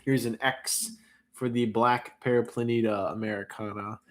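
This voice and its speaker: A man's voice: medium pitch, steady tone, moderate pace. A man hosting a live online auction in a casual, chatty way, joking playfully as he sorts and labels the lots. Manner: playful, jokey, chats while sorting and labeling. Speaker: livestream auction host.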